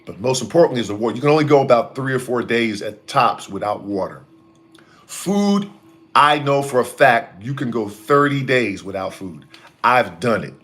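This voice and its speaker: A man's voice: lowish voice, a bit bright. A middle-aged man hosting a casual home chat about healthy eating, his throat irritated and coughing now and then. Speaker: host.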